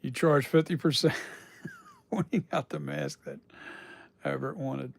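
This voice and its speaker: Live-stream sculptor, male, talks loosely and off the cuff, gravelly voice, dry close sound. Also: on the high side, steady tone, slow, pauses often, no echo. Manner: rambling, chatty, swears casually, laughs often. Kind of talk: casual live-stream chat.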